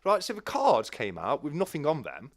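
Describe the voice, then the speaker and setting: Excitable man hosting a livestream. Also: a little high, normal speed. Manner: excitable, building to shouts, with laughter. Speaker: host. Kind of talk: livestream race commentary and chat.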